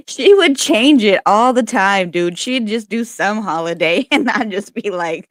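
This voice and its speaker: On her channel, a spiritual reader chats casually on a livestream at home in a medium-pitched, expressive voice. She talks slowly with long pauses, frank and profane with frequent laughter, and no room sound is audible.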